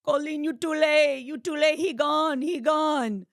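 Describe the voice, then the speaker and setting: Woman putting on a shrill frantic old mother, high and loud, clipped broken phrases. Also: steady tone, a little slow, creaky, no room sound, clean studio sound. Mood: sobbing.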